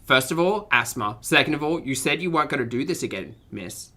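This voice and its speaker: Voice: mid-range voice, expressive, a little fast, bright, forceful tone, a little hiss or hum. A reaction streamer giving casual commentary on a video, full of chatty, self-deprecating asides.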